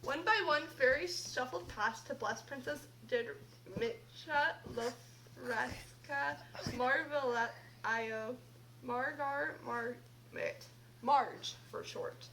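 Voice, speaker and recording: A woman's voice: sits high, slow, sharp tone, slight background noise, low-quality recording. A girl reading a silly picture book aloud at home, playful and stumbling over hard words, with chatty asides. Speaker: reader.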